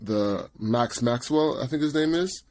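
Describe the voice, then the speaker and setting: A young man co-hosting a laid-back podcast with his friend. He tells stories with big energy, jumping into quick impressions and laughing as he goes. His voice sits at an ordinary middle pitch. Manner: animated storyteller who slips into excited impressions and laughs often. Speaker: podcast co-host. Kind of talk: casual podcast chat.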